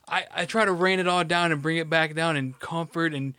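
A young man co-hosting a casual podcast, ranting about work in a profane, animated way. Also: on the high side, fairly quick, smooth, no echo. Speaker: podcast co-host. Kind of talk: casual chat.

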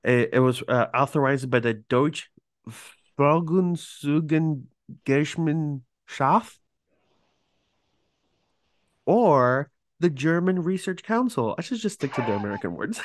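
A man's voice: medium pitch, animated, normal speed, no room sound. Man reading notes in a dry room. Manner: stumbles over foreign words, self-mocking. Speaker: podcast host. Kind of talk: reading prepared narration with casual asides.

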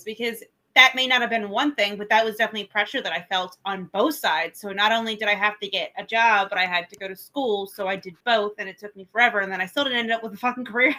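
A woman's voice: a little high, fast, sharp tone, rough recording. A woman co-hosting a podcast in casual chat, chatty and blunt, swearing freely. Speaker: podcast co-host.

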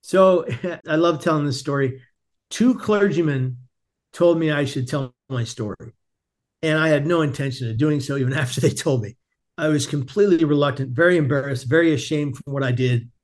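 A man in his forties, a podcast guest, tells a personal story in an animated way, laughing often and restarting sentences. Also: on the high side, normal speed.

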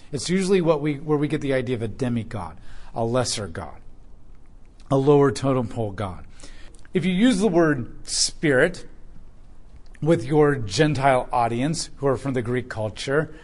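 A man's voice: on the high side, a little mellow. A man teaching a Bible passage verse by verse, speaking informally and conversationally, with plain slang.

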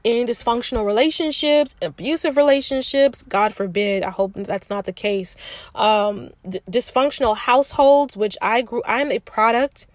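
A podcast host with a fairly high voice speaks at a moderate pace on a dry recording. On her candid self-help show she talks frankly and reflectively, confiding in the listener like a sister, calling them sis, and thinking aloud with restarts.

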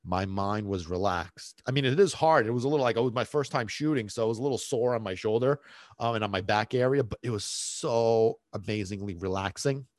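A man's voice: fairly low pitch, brisk, dry recording. A man, a dog trainer, casually telling a rambling personal story with many restarts and fillers.

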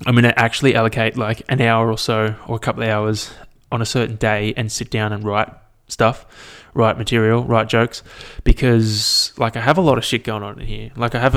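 A young man, hosting a podcast alone and chatting casually in a rambling, self-mocking way with plenty of swearing. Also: mid-range voice. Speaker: podcast host. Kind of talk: casual solo podcast chat.

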